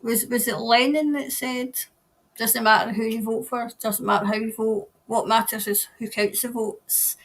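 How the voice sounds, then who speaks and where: Chatty woman, high voice. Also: fairly even intonation, moderate pace, fairly bright tone. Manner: chatty and rambling, laughs often, trails off mid-sentence. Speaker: tarot reader hosting a live stream. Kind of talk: casual live-stream chat reading viewer comments.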